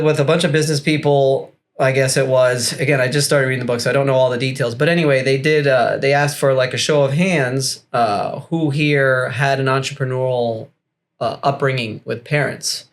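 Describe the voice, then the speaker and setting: Man, podcast guest, middle-pitched voice, candid, rambling, swears casually. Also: steady tone, normal speed. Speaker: guest, business coach.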